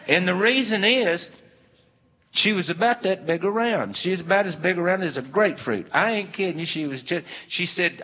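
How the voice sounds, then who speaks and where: A man telling a folksy story and acting out the dialogue in an animated, drawling way. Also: high voice, normal speed, breathy edge. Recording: reverberant hall, dull lo-fi sound.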